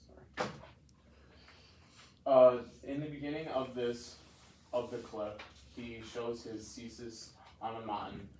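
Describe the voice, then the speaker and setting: Young man, class presentation, halting, reads from notes, echoey room, distant mic. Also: mid-range voice, level tone, background noise. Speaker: student presenter. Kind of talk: class presentation analyzing a speech.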